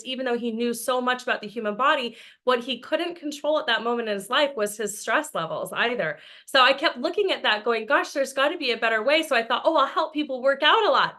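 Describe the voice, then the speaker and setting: A woman's voice: a little high, bright, forceful tone. A woman from Austin, Texas, in her thirties, giving an enthusiastic, chatty sales presentation over a video call and laughing often. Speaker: business presenter.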